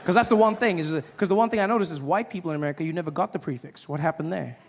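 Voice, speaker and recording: A man performing stand-up comedy in a live venue, with a fairly high voice. He is playful, slips into characters, and breaks into loud shouts. Faint room noise sits behind him. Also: racing, vocal fry.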